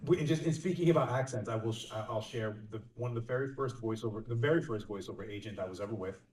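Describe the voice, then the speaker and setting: East Coast male voice actor, lively panel storyteller, roomy far-off sound. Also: lowish voice, fast, slight background noise. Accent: East Coast American. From Connecticut. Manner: animated storyteller, acts out quoted lines. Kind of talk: casual panel talk. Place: large convention hall. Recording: echoey hall, mic far off.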